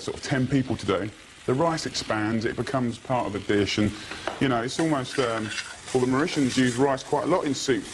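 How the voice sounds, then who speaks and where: A man's voice: mid-range voice, slight background noise. Chatty man doing a cooking demo. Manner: chatty, hedges with "sort of" and "kind of". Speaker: TV cook. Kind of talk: cooking demonstration. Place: kitchen. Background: frying and sizzling.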